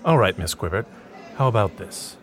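Guy playing a slick rail tycoon, low voice, slow and pompous. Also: lively intonation, lightly acted. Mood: persuasive. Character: scheming male rail company boss, smooth-talking.

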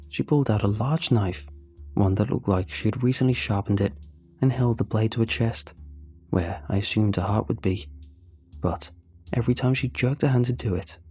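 A man tells a first-person horror tale in a measured, scripted delivery. His voice is dark and husky, and faint music runs underneath. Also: fairly low pitch. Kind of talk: scripted horror story narration.

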